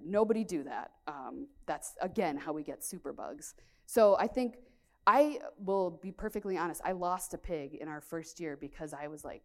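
Casting: plain-spoken woman farmer, slightly low voice, conference presenter, frank and practical. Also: expressive, moderate pace, darkish tone. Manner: candid, frank, many "um" fillers. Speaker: pig farmer giving a conference talk.

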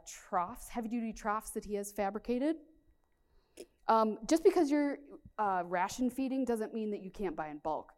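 A woman's voice: fairly low pitch, a little mellow. Frank woman farmer giving a talk. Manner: candid, frank, many "um" fillers. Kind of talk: conference presentation with slides.

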